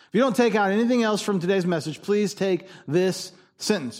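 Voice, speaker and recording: A man's voice: high-pitched, expressive, normal speed. A man preaching a sermon as a pastor, conversational and emphatic, repeating his key points.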